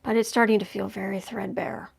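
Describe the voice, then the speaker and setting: A woman's voice: medium pitch, level tone, brisk, gravelly, breathy edge. A woman reading tarot cards on a livestream, thinking aloud in a conversational way as she turns each card. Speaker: tarot reader.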